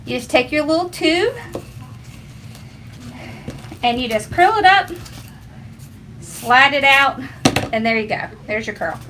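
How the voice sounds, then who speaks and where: A woman's voice: high voice, background noise. A woman hosting a casual craft tutorial at home, chatty and homey, talking to her viewers and her dog. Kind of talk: casual how-to demonstration.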